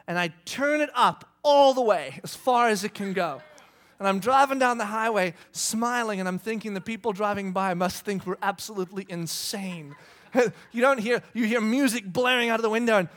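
A man in his thirties preaching a sermon, telling a funny story about his kids and acting out their shouting. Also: high-pitched. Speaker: pastor. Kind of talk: sermon with humorous family story.

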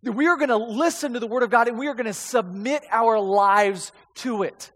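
A man with a very high, light voice preaches to a congregation, moving between scripture reading and lively, chatty asides. His voice rings out with a long reverb, as if heard in a large hall or sanctuary. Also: normal speed. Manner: animated, conversational preaching with asides. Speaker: pastor. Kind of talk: sermon.

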